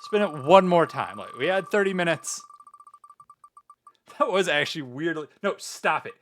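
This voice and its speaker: A man's voice: a little high, animated, normal speed, a bit bright, a little hiss or hum. A man chatting casually on a livestream as a VTuber, playful and mock-grandiose, swearing often. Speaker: VTuber streamer.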